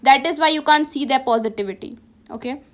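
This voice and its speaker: A woman teacher with a Ladakhi accent delivers a classroom lesson in a high voice at a slightly fast pace. She tacks "okay?" onto almost every sentence and often restarts and corrects herself.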